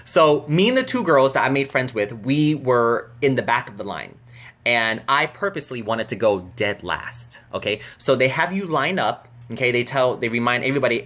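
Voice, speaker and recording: A man vlogging to camera, telling a story in a chatty, animated way with many fillers and restarts. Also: medium pitch, moderate pace.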